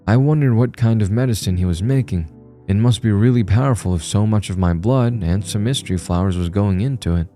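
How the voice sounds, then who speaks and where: Deep, dark-toned male horror narrator. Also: brisk. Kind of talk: scripted horror story narration. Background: soft music.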